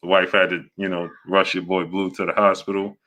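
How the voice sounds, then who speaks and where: A man hosting a casual live stream, greeting viewers by name and talking haltingly with many fillers. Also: low-pitched, muffled recording. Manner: greets viewers by name in a steady run-through. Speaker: host of a boxing live stream.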